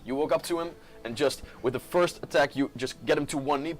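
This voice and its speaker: A man's voice: a little high, fairly quick, soft background music. Man running a tabletop game as game master. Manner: relaxed, narrates dice results and gory descriptions.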